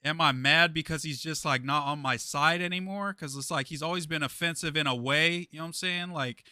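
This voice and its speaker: A young podcast co-host talks in animated, slang-filled bursts, saying "bro" again and again. His voice is bright and crisp, recorded dry and close. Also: on the high side, brisk, no room sound. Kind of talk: casual chat.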